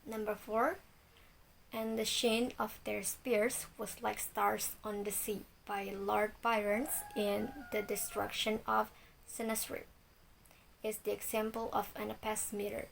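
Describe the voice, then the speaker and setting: A woman's voice: mid-range voice, level tone, a little slow, vocal fry, slight background noise, rough recording. A young woman with a Balinese Indonesian accent reading a student presentation from a script, with a few slips. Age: young adult. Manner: reads from a script with some slips.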